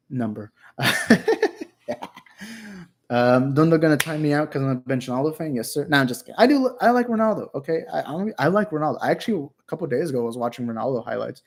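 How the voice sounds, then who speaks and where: A man's voice: medium pitch, darkish tone. A young man hosting a casual livestream, reading chat aloud, joking, rambling and swearing. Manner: reads out chat messages. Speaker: livestream host.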